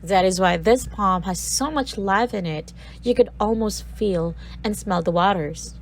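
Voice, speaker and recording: A woman's voice: medium pitch, unhurried, a little hiss or hum, low-quality recording. A woman from the Philippines presenting a recorded literature lesson, reading a poem aloud and breaking down its sounds word by word.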